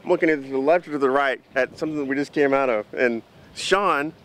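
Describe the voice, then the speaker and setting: A man telling a story to the camera in an animated, chatty vlog. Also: mid-range voice, quick pace. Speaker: vlogger.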